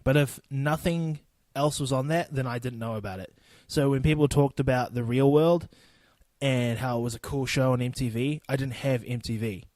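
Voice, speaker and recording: A man's voice: medium pitch, fairly even intonation, moderate pace, darkish tone, no room sound. A young man in his twenties with a New Zealand accent, hosting a casual solo podcast in a loose, profane, rambling way. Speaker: podcast host.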